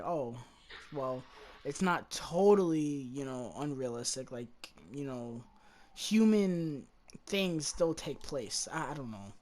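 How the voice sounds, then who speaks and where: A woman hosting a podcast, chatting loosely about a movie, swearing freely and trailing off. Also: low voice. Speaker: podcast host. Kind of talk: casual movie review chat.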